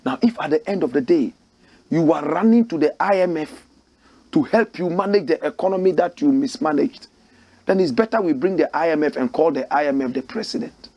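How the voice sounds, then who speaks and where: A man's voice: a little high, expressive, fairly quick, warm tone, muffled recording. A Ghanaian man hosting a political commentary show, preaching in rhetorical, outraged bursts. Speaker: host.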